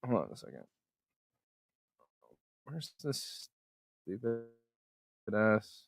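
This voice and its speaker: A man's voice: medium pitch, very animated, drawn-out words, vocal fry. A man hosting a casual live stream who swears, mocks himself and mutters while fiddling with his setup. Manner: profane, self-mocking, mutters to himself. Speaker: livestream host.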